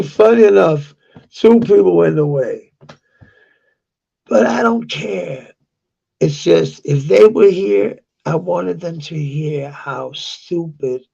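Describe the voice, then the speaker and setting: Ranting furiously at the camera, this Danish vlogger swears and says the same things over and over in his Danish accent. His slightly high voice has vocal fry, a dark tone and some breathiness, while the audio loses its upper frequencies.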